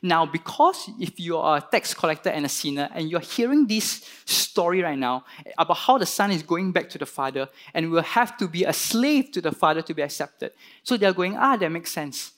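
A man preaching a sermon, retelling a parable and acting out its characters with lively emphasis. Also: fairly high pitch, normal speed, hardly any pauses. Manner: animated, voices the parable's characters with rising emphasis. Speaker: pastor.

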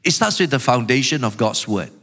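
A man's voice: mid-range voice, animated, brisk, a bit bright. A man preaching a sermon as pastor, voicing the psalmist's complaints with emphatic, rising intensity. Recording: long hall reverb.

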